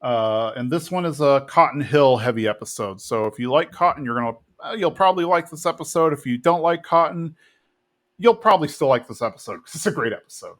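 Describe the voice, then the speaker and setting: A man from Texas talks through a TV episode on his podcast. He is casual and rambling, with plenty of fillers and small laughs. His voice sits at an ordinary middle pitch. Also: lively intonation, a little fast. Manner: chatty and rambling, with fillers and chuckles. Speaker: podcast host.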